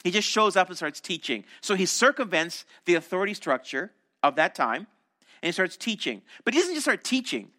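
A male pastor preaches an animated sermon, quickly slipping into voices for the crowds and disciples in his stories. His voice sits high and bright and swings widely in pitch.

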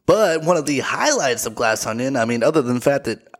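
American dude rambling on his podcast, lots of um and like, swears casually, mid pitched voice. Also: big pitch swings, brisk. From United States. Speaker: podcast host.

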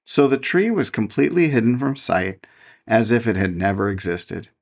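A man reading a fairy tale aloud as a podcast host, in measured storybook narration. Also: fairly low pitch.

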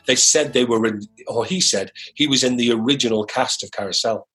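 A man's voice: medium pitch, brisk, hardly any pauses, soft background music. A middle-aged British man, an actor, chatting as an interview guest, telling anecdotes and acting out the lines of the people in them. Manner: lively anecdotal storyteller who acts out quoted lines. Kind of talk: casual interview storytelling.

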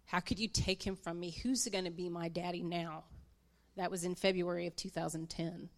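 A woman in her thirties with a slightly low voice shares her personal testimony. She tells it candidly, with emotion close to the surface. She speaks to a church audience. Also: steady tone, normal speed. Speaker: guest speaker.

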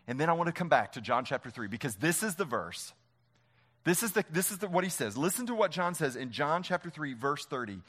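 A man's voice: fairly high pitch, animated, fast talker, a bit bright. A man preaching a sermon as pastor, impassioned, repeating phrases for emphasis and leading the congregation in a reading.

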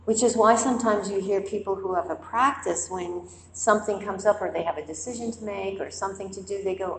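A woman meditation teacher speaks a little fast with few pauses in a mid-range voice, giving a group a conversational dharma talk in a quiet meditation hall. She animates her stories by acting out inner voices. The rough recording has an echoey room, long reverb tail and slight background noise.

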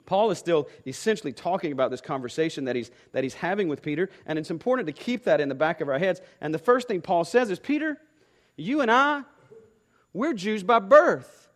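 A pastor preaching a sermon to his congregation, emphatic and repeating key phrases, often asking rhetorical questions. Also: high-pitched.

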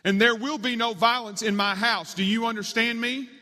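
A man's voice: steady tone, normal speed, pushed and bright. A man voicing a firm, loving elderly Christian grandmother who lays down the law, in a large hall with long reverb. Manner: firm, commanding, raised pitch.

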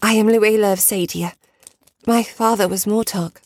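A woman voicing a quiet, unsure young sorceress in an audio drama, answering briefly and softly. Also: mid-range voice, steady tone, normal speed, slight background noise, lightly acted.

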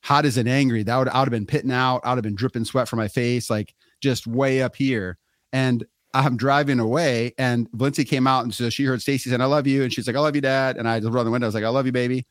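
A man's voice: medium pitch, fast, no room sound, clean studio sound. A middle-aged man casually telling a story on a podcast, acting out what people said. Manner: animated storyteller acting out quotes.

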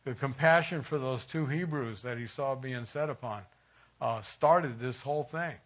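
A man's voice: medium pitch, normal speed. A middle-aged man giving an informal, conversational sermon at a church, folksy and chuckling at times as he tells stories. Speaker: church speaker.

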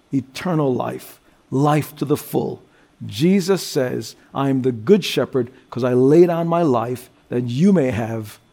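A man preaching a sermon, telling a story and dropping low and slow for scripture and prayer. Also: darkish tone. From New Jersey. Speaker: guest preacher.

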